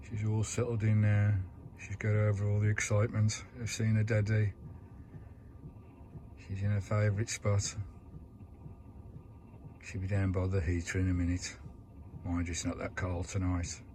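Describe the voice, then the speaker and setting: British vanlife vlogger, chatty and doting, recorded outdoors with a noisy background. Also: male voice, fairly low pitch, monotone, unhurried, pauses often. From United Kingdom. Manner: chatty, doting, talks fondly to his dog. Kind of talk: casual vlog chat. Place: in and around a camper van at a campsite.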